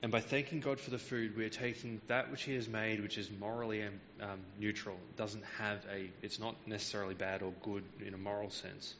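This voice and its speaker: A man's voice: lowish voice, little pitch movement, fairly quick, few pauses, a bit bright, in a large hall, dull audio, slight background noise. A man preaching a Bible teaching sermon, explaining verses patiently with frequent hesitant fillers.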